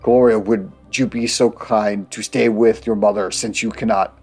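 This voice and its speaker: Stern noble father, as a man reads him out, low, plain and firm. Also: fairly even intonation, moderate pace, a little mellow, husky, faint music behind. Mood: pleading. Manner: plain read-aloud delivery.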